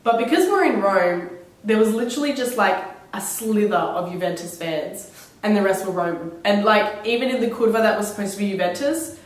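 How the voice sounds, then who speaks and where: A young Australian woman with a cold, telling travel stories in an animated, laughing vlog chat. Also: mid-range voice, a little fast. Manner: enthusiastic, animated, laughing retellings with put-on quotes. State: has a cold. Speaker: vlogger. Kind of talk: casual chatty storytelling. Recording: very echoey room, mic at a distance.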